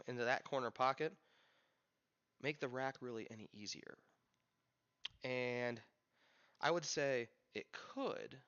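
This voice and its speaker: A man's voice: medium pitch, fairly bright tone. A man teaching pool as he plays, thinking aloud in a candid coaching manner. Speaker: pool instructor. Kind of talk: instructional commentary while playing. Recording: lo-fi dull sound.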